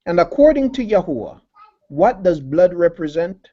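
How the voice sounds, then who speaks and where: A man's voice: sits high, sing-song, moderate pace, highs cut off. A man preaching a sermon who repeats key phrases, asks his listeners rhetorical questions and calls them family.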